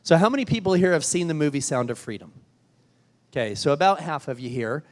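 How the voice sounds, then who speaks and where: A man with a slightly raised pitch tells a story as the keynote at a gala. He speaks earnestly and with emphasis, stumbling on repeated words as he builds each point. His voice rings out through a large hall with a long, trailing reverb. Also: animated, a little fast.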